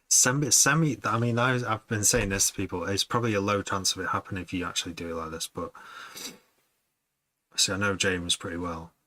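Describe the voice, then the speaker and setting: A man with a low voice and a bright, forceful edge chats casually to his viewers as a music producer. He rambles, laughs often and thinks out loud. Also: steady tone, a little fast, no echo. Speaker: music producer streaming to chat. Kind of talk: casual chat with livestream viewers.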